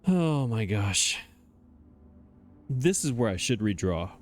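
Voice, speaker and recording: A man's fairly low voice swings widely in pitch as he slowly narrates a let's play into his desk mic. His commentary is casual, full of thinking aloud, hesitations, and chuckles at himself.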